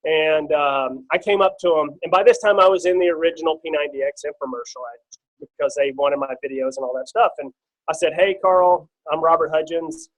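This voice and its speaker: Brief: middle-aged man, slightly high voice, casual rambling testimony on a team call. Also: fairly even intonation, brisk, rough recording. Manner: casual and storytelling, with many fillers and restarts. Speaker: guest speaker on a team call. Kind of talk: personal testimony on a conference call.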